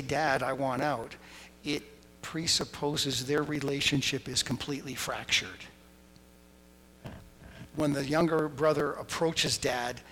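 A man preaching a sermon, telling the story with lively asides and acting out quoted voices. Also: mid-range voice. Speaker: pastor. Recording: hall reverb, faint noise.

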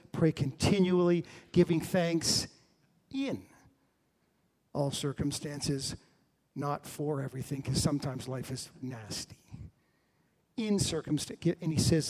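A middle-aged man preaching a sermon, telling the story with lively swings between loud and hushed delivery. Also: fairly high pitch, slightly rough.

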